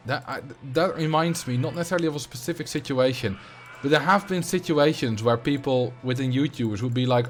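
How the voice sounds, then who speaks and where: A man's voice: medium pitch, a little fast, faint music behind. A man with a Dutch accent chatting casually as a streamer while playing a game, rambling and answering viewer questions.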